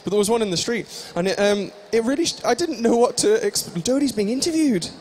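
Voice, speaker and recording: A man's voice: high voice, lively intonation, brisk, a little mellow, slight background noise. A young man hosting a live stage show, joking and teasing the audience in improvised comic banter. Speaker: stage host at a live fan convention.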